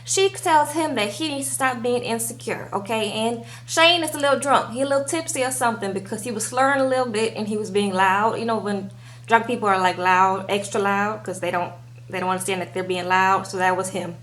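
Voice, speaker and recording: A woman's voice: mid-range voice, brisk, fairly bright tone, slight background noise. A young woman giving a casual recap of a reality TV episode, chatting away and tagging her sentences with "okay?". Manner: acts out the cast members' lines. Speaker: TV show recap vlogger.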